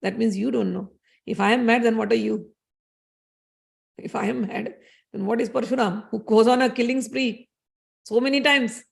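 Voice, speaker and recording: A woman's voice: fairly high pitch, fairly even intonation, normal speed, gravelly, pauses often. A woman voicing a carefree male sage who seems like a madman, teasing and unbothered. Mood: mocking.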